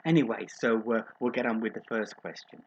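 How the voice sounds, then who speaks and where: A gossipy middle-aged Brummie agony aunt, as a man puts her on, chatting to her audience in a comic advice show. Her voice sits at an ordinary middle pitch and comes through a dull, lo-fi recording. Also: fairly quick, breathy edge, lightly acted. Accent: Birmingham. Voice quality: gossipy, innuendo-laden, calls people darling.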